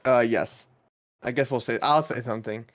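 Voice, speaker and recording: A man's voice: mid-range voice, moderate pace. A man playing a tabletop game, laid-back and chatty. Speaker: player. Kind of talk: casual game chat.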